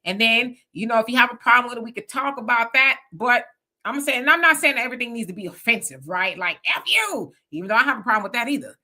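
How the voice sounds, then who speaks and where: Woman, 50s, blunt and animated talker, bright forceful voice, slightly high. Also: quick pace. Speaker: panel guest. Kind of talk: casual chat.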